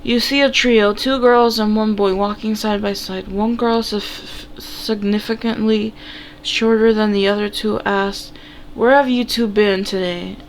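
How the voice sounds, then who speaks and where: A woman's voice: mid-range voice, fairly even intonation, unhurried, slight background noise. Giggly woman reading a game aloud. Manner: giggly, casual. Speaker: gamer.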